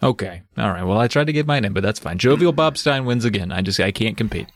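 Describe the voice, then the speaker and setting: A man's voice: fairly low pitch, animated, quick pace, dry recording, clean studio sound. A man co-hosting a casual chat podcast, joking and playful. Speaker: podcast co-host.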